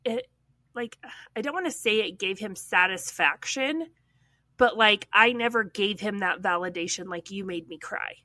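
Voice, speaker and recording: Bright-voiced woman, dry close mic. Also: medium pitch, normal speed, no room sound. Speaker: podcast co-host. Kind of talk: casual conversation.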